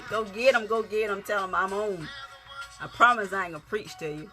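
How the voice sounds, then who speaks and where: Casting: woman with a Lowcountry Gullah-Geechee accent, bright and forceful voice, folksy livestream host on a phone. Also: moderate pace. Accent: South Carolina Lowcountry Gullah-Geechee. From Yamassee, South Carolina. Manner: chatty, greets viewers by name, folksy. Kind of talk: casual encouraging livestream talk. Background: faint music.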